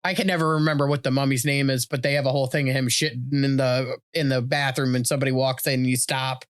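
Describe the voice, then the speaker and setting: Animated, foul-mouthed woman co-host. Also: rumbling low, fast, dry recording, studio quality. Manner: animated, profane, acts out quotes. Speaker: podcast co-host. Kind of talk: casual chat.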